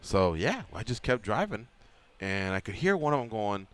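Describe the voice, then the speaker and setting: Man, radio host, casual storytelling, acts out quotes, clear voice, dry close sound. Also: mid-range voice, fairly quick, no room sound. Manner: animated storyteller acting out quotes. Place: radio studio.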